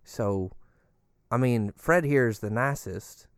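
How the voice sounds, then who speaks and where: A man's voice: takes it slowly, dry recording, studio quality, close to an everyday voice. A man playing a rambling, easygoing male resident living inside a giant creature, chatty and crude. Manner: chatty, crude, swinging pitch.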